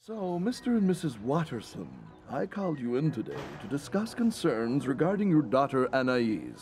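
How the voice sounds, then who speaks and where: An actor voicing a pompous middle-aged school principal in a cartoon, lecturing in a formal, condescending way. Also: male voice, medium pitch, sing-song, normal speed, over music, lightly acted.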